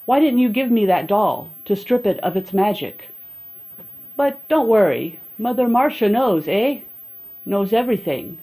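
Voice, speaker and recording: A woman voicing a shrill, high-pitched old female voodoo witch in an audiobook. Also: big pitch swings, measured pace, dark tone, rough recording. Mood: mocking.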